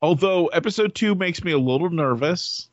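A man's voice: fairly high pitch, lively intonation, moderate pace, dry recording, lo-fi sound. A man co-hosting a podcast in casual chat, jokey, profane and incredulous. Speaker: podcast co-host.

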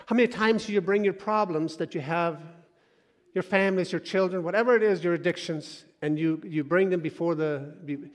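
A man preaching a sermon, moving between loud urging and soft, hushed asides. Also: fairly high pitch. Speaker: pastor. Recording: long hall reverb.

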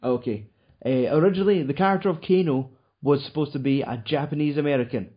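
A man's voice: fairly high pitch, fast talker. Male podcast host, casual and profane, rambling delivery, dull lo-fi recording. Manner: swears a lot, rambling with fillers. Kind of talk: casual chat.

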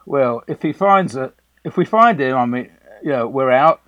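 A man's voice: mid-range voice, a little slow, a bit bright, no room sound. An older man from England recounting a story in a chatty, anecdotal way, with fillers and restarts. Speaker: guest. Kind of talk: conversational storytelling.

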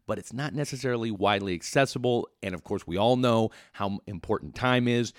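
Upbeat host with a low voice. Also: male voice, fairly bright tone, dry recording, studio quality. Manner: upbeat, promotional. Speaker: podcast host. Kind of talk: podcast hosting with plugs.

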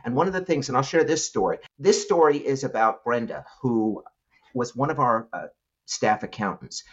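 A middle-aged man, a guest entrepreneur, giving an animated storytelling answer with frequent laughs and restarts. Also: medium pitch, moderate pace, breathy edge, lo-fi sound.

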